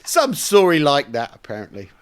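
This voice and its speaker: Brief: male co-host, lively swooping delivery, slightly higher voice, relishes reading aloud. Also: normal speed. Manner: animated, reads letters aloud with relish. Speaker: podcast co-host. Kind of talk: casual history podcast chat.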